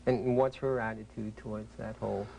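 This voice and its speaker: A man conducting a clinical interview, asking measured, probing questions. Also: on the low side, fairly even intonation, gravelly, highs cut off, slight background noise. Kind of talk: therapeutic interviewing.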